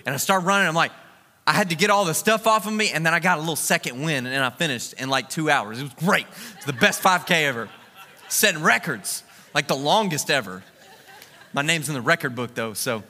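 A man preaching a sermon, moving from a relaxed, joking personal story into emphatic preaching. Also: fairly high pitch, brisk, in a large hall.

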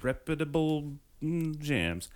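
A man hosting a podcast in casual chat, joking crudely with frequent swearing and halting restarts. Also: fairly high pitch, sing-song. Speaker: podcast host.

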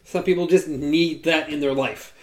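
A speaker in casual conversation, easygoing and quick to laugh. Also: medium pitch, fairly even intonation. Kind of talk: casual chat.

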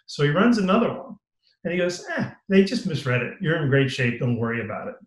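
A man with a slightly high voice tells a long personal story as a podcast guest. He acts out the people he quotes and sounds emotional, close to tears. The recording has a roomy, echoey quality. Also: a little fast. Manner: animated storyteller acting out quoted dialogue, voice rising when moved. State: tearful, emotional. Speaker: guest, author.

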